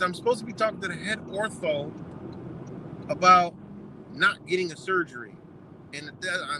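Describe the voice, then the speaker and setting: A young man with a fairly high voice talks casually, retelling conversations in rapid back-and-forth and swearing as he goes. He is recorded on a phone outdoors, with steady street and car noise behind him. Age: young adult. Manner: retells doctors' talk in quick quoted exchanges, swears freely. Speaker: vlogger. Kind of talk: casual storytelling.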